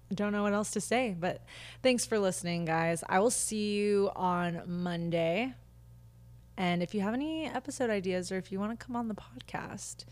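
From the couch in her living room, a woman in her 20s runs a solo podcast in a mid-range voice. The talk is casual and candid, veering into rants and heavy on fillers.

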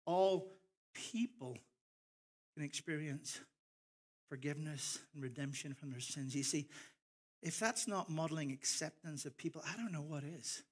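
A middle-aged man from Ireland, his accent softened by years in America, preaches a sermon. His voice sits a little high for a man, and he slows right down and pushes harder on the phrases he wants to land. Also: breathy edge. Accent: Northern Irish, softened by years in America. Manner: passionate, with big swells of emphasis and slowed key phrases. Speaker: pastor.

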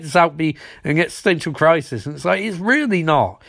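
A man's voice: a little high, animated, gravelly, fairly bright tone, no echo, clean studio sound. A man giving a sarcastic, rambling comedy recap of a TV episode. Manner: sarcastic, exasperated, fast and rambling.

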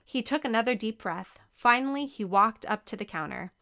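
A woman reading a children's novel aloud as narrator, expressive and clear. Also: fairly high pitch, normal speed, few pauses. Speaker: audiobook reader.

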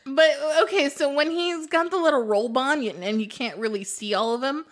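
A woman's voice: high voice, brisk. A young woman co-hosting a casual movie chat, teasing and blunt, with frequent giggles.

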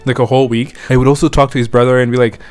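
A young man chatting through a storytime vlog in a loose, rambling way. His voice sits at an everyday middle pitch, and he keeps circling back with "like" and asides to the listener. He sounds relaxed and unscripted. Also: very fast, faint music behind. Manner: rambling, filler-heavy, frequent "like" and "you know what I mean". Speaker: vlogger telling a personal story. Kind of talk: casual storytime monologue.

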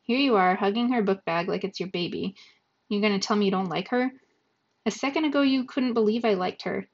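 A woman reads as a streetwise teenage boy who stops and starts while he hunts for the right words, pleading for help. The voice has a gravelly edge, and the recording sounds dull and lo-fi. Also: medium pitch, close to an everyday voice. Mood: incredulous. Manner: pleading, halting, searching for words. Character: streetwise teenage boy, a guarded school tough.

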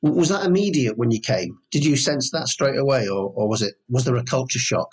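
A man's voice: medium pitch, expressive, fairly quick, breathy edge. A man interviewing a guest, asking questions with hesitant, stammered starts. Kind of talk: conversational interview.

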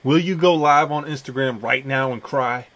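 A man's voice: medium pitch, moderate pace, fairly bright tone. A man hosting a podcast in a casual, joking, profane way. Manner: laid-back, profane, joking. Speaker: podcast host.

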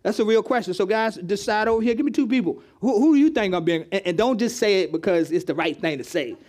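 A man preaching a sermon as pastor, conversational and lively, calling on members of the congregation and repeating words as he teaches. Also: high-pitched, fast talker. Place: church hall with congregation.

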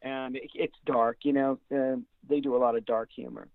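A man's voice: mid-range voice, steady tone, creaky. Man, voice actor guest, rambling casual talk, thin phone-line sound with no room echo. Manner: rambling, slips into quick character voices. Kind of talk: casual interview chat.

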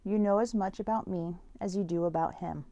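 A woman voicing a hushed, mysterious hidden stranger. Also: mid-range voice, steady tone, fairly quick, dry recording, dull audio, lightly acted. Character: mysterious hidden voice, cautious and formal.

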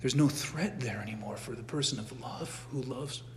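Middle-aged male church teacher, relaxed and conversational, frequent restarts, recorded with long hall echo. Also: mid-range voice, moderate pace, a little hiss or hum. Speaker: catechism teacher. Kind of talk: informal church class lecture.

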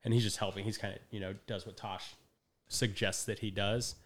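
Fast-talking man telling a story. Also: on the low side. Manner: animated storyteller, acts out quotes, laughs often. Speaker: guest. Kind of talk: casual podcast conversation.

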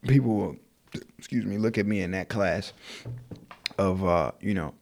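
A man's voice: deep voice, normal speed, vocal fry, a little mellow, slight background noise. A man from Newark, New Jersey, a podcast guest talking reflectively in casual chat. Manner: reflective, many fillers and restarts.

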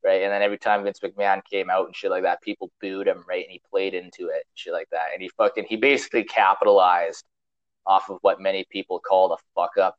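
A man's voice: low-pitched, little pitch movement, fast, dry recording, muffled recording. A man hosting a podcast, telling a long story in a casual, rambling, profane way with lots of fillers. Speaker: podcast host.

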